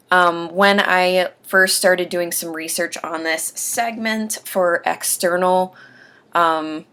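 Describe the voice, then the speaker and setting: A woman talking earnestly about getting used to dentures, pausing between phrases as she gives advice. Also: on the low side, a bit bright. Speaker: host sharing denture aftercare advice. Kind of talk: casual instructional talk.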